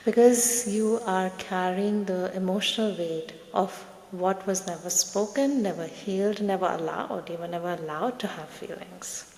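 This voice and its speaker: Brief: soft-spoken woman therapist, gravelly edge, roomy echo with a long tail. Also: fairly low pitch. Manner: gentle, soothing, speaks in short measured phrases. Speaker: psychotherapist. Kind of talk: reflective therapy talk to camera.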